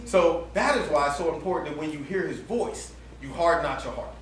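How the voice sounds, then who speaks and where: Animated preacher man, high voice, echoey hall. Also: brisk, slight background noise. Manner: animated, laughing storyteller with colloquial speech. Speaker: campus ministry preacher. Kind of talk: storytelling sermon. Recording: echoey room heard from far off.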